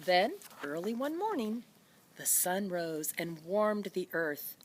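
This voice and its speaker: Give me a woman reading a kids' story aloud, slow and full of lilt. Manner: animated, with high voices for each animal. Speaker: children's storyteller. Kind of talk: read-aloud storybook narration.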